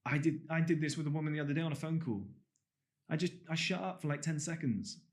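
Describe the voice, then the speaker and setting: A dating and body language coach with a posh English accent, originally from the Gloucestershire countryside, teaches a course straight to camera. He's blunt and emphatic and swears freely. His voice is on the high side, and he talks fast.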